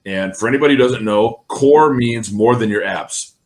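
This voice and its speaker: A man's voice: on the low side, normal speed. A man co-hosting a podcast, chatting casually and checking in with "right?" and "you know.". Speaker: podcast co-host.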